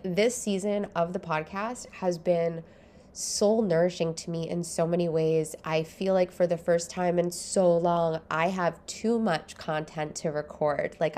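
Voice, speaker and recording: A woman's voice: fairly low pitch, darkish tone. Chatty, rambling woman podcast host. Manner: chatty and rambling, laughs often. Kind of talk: casual solo podcast monologue. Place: home, early morning.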